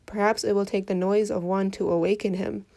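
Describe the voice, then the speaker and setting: A woman's voice: mid-range voice, flat delivery, a little fast, warm tone, dry recording, close to an everyday voice. A woman voicing a clever, daring young boy who cries out urgently in a storybook reading. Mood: sly.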